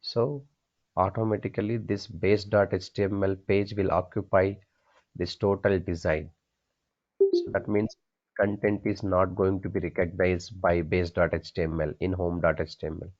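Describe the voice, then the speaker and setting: A man's voice: low-pitched, flat delivery, moderate pace, a little mellow, highs cut off. A man teaching a programming class, asking his students questions, answering them himself and repeating the key points. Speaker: programming instructor. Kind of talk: classroom coding lecture.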